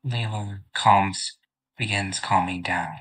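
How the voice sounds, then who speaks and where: A man's voice: lowish voice, steady tone, takes it slowly, a bit bright, husky, poor audio. A man playing in a tabletop game, asking questions and describing his character's actions. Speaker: player.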